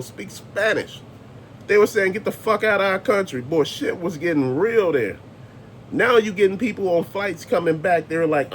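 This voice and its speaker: A man with a notably high voice delivers a blunt, profane rant straight to the camera, hammering each point with emphasis. A faint rumble hums behind him. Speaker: host. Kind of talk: ranting commentary.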